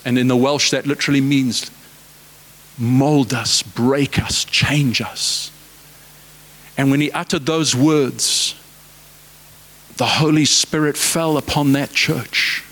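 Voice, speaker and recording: A man's voice: medium pitch, fairly even intonation, slow pace, pauses often, fairly bright tone. A man preaching a sermon, fervent and exhorting, with repeated rhetorical questions.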